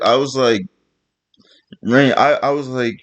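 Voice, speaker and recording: A man's voice: mid-range voice, expressive, a little fast. A man delivering a blunt, profane, exasperated rant to camera as a vlogger. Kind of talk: ranting vlog monologue.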